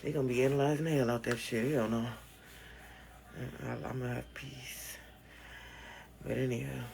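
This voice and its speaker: A woman's voice: rumbling low, steady tone, moderate pace, vocal fry, darkish tone. A woman hosting a casual livestream from her bedroom on her phone, blunt and profane, chatting loosely and thanking viewers for gifts. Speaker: livestream host.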